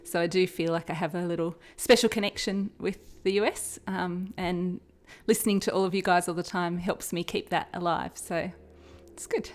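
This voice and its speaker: A woman's voice: lowish voice, fairly even intonation, normal speed, few pauses. A middle-aged woman with an Australian accent, chatting casually and laughing often as a guest quizmaster on a trivia podcast. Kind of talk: casual podcast chat and quiz hosting.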